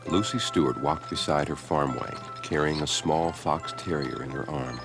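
A man reading a children's storybook aloud in an expressive, unhurried way. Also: rumbling low. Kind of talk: read-aloud storybook narration. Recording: background music.

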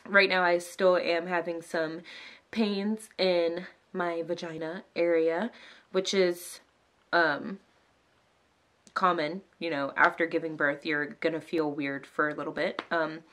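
A young woman chats to her camera in a casual vlog, teary and emotional, her speech full of "like" and "um" fillers. Her voice sits a little low for a woman. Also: fairly bright tone. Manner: emotional, near tears, many "like" and "um" fillers. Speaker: vlogger, new mother.

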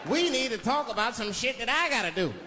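High-voiced profane male stand-up comic. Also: sing-song, brisk, big-room sound. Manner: loose, profane, conversational storytelling. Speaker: stand-up comedian. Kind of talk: stand-up comedy. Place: large theatre stage. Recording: live theatre with audience noise.

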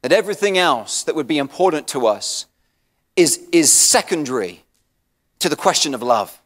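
An English man preaching a sermon as pastor, swinging from soft and low to loud and passionate, often repeating and restarting words. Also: big pitch swings, normal speed, long reverb tail. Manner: restarts and repeats words, self-deprecating asides.

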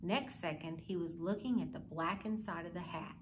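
A woman's voice: lowish voice, moderate pace, slight background noise. A woman hosting a children's library club, reading a story aloud and showing a simple craft in an upbeat, kid-friendly way.

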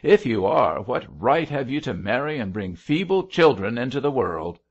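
A man voicing a bossy, meddling older gentlewoman who speaks loudly and lectures, in a storybook reading. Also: lowish voice, big pitch swings, measured pace, gravelly, husky, muffled recording, full character voice. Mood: scolding. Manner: loud, lecturing.

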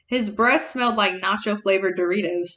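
A woman reading a novel chapter aloud as a teacher, plain and unhurried, correcting herself and adding short explanations. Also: medium pitch, fairly bright tone.

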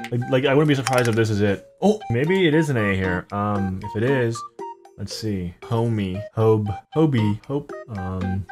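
A fairly low-voiced man talks through a word puzzle, trying out guesses under his breath and grumbling when they miss. Music plays clearly beneath his voice, and keys tap in the background. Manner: thinks aloud, muttering guesses and swearing at words; greets viewers with "ladies and gentlemen". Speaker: gaming YouTuber. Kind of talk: casual gameplay commentary.

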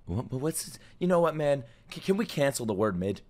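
A man reacting to a video as a streamer, talking loudly and excitedly, swearing often and breaking into sudden outbursts. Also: mid-range voice, fairly quick. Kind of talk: anime reaction commentary.

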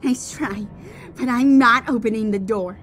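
A tough, foul-mouthed young mare , voiced by a woman. The voice is high, bright and lively, with slow, deliberate delivery and music behind. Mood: wary. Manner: defiant, swears a lot.

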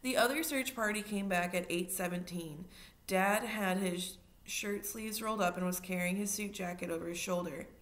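A woman reading a children's novel aloud in steady narration, now and then adding a short aside to her listeners. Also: mid-range voice, moderate pace. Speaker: reader.

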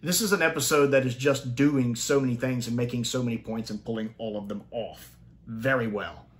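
Animated man reviewing an episode aloud. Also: brisk. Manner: opinionated, thinks aloud with restarts and sudden pitch jumps. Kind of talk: casual spoken review.

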